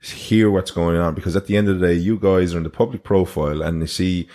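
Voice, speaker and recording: A man's voice: sits low, fairly even intonation, fast, warm tone. A man hosting a podcast interview, asking rambling questions with lots of restarts. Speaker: podcast host. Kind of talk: casual interview.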